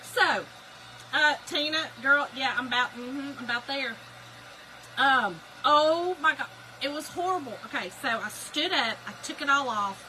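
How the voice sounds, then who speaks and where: A woman chats on her livestream with a vivid, very bright voice that sits a bit higher than most. She tells her story in an animated way, addresses viewers directly, and often laughs partway through. A faint noise sits under her voice. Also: moderate pace. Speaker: livestream host. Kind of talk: casual livestream chat.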